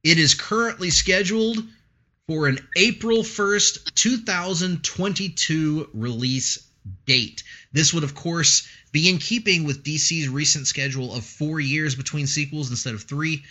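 Chatty male podcast host, bright tone, lo-fi audio, laughs easily. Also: fairly high pitch, unhurried. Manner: chatty, laughs often, breaks into a mock radio announcer voice. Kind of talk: casual podcast chat.

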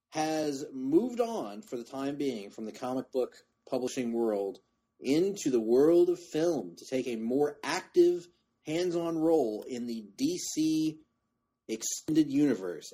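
A man's voice: mid-range voice, mellow, slightly rough. A man hosting a podcast, chatting casually and restarting sentences as he goes. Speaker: podcast host. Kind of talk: casual chat.

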